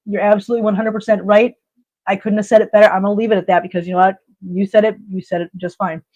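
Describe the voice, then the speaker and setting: A woman's voice: medium pitch, flat delivery, rapid-fire, darkish tone. An emphatic woman talks straight to her viewers on a live stream, calling things as she sees them and repeating herself for weight. Her voice sits mid-range, and the stream audio is slightly dull and lo-fi. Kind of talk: casual live chat reading viewer comments.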